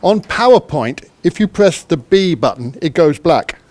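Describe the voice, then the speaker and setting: A man's voice: fairly high pitch, big pitch swings, unhurried, a little mellow. A man from the United Kingdom giving an interactive conference talk. He is chatty and self-deprecating, and he keeps quizzing the audience. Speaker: conference speaker. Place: conference hall.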